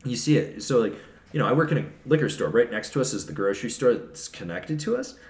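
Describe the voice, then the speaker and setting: A man's voice: mid-range voice, animated, fast talker. A man as a podcast guest telling stories in a blunt, profane, ranting way, recorded in an echoey room. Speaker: podcast guest, snowboard reviewer. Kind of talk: casual interview storytelling. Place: trade show.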